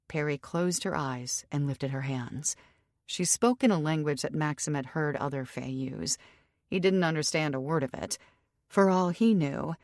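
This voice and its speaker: A woman narrating an audiobook with even, steady storytelling on a close studio mic. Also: low-pitched, no room sound. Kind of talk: scripted narration.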